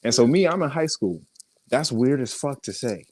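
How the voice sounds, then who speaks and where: A man's voice: medium pitch, moderate pace. A young adult man, telling stories casually in an interview, acting out quotes with lots of swearing. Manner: animated storyteller, acts out quotes, swears freely. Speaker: guest artist and actor.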